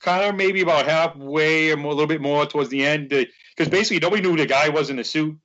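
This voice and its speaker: A man's voice: fairly high pitch, fast, a bit bright, lo-fi sound. A man chatting as a podcast guest, rambling through a story and acting out the quotes. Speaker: guest, superfan. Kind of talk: casual podcast chat.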